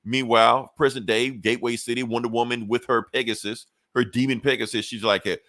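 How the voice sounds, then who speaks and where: A man's voice: mid-range voice, level tone, brisk, a bit bright, no echo, studio quality. Casual, profane man recapping comics. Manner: loose, profane storytelling with frequent fillers. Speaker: podcast co-host.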